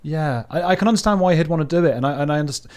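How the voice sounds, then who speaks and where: A man's voice: on the high side, very fast, darkish tone, smooth. A man on a podcast, speaking hesitantly in casual chat. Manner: hesitant, with stammered starts.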